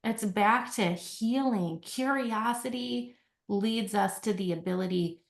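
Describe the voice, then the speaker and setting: This woman, a company CEO appearing as a podcast guest, speaks slowly in a gravelly, mid-range voice. It's a conversational interview, and she reflects earnestly on healing, often asking "right?" to check in.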